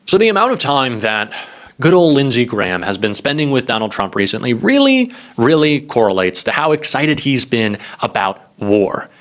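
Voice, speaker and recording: A man's voice: mid-range voice, sing-song, normal speed, fairly bright tone. Scornful male political commentator. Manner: sarcastic, scornful. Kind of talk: news commentary.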